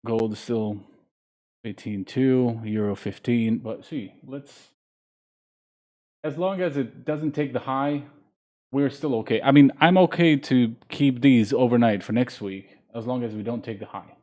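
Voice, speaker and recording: A man's voice: medium pitch, measured pace, mellow. A man from Jordan, a market analyst hosting a live trading stream, talking casually and thinking aloud with fillers.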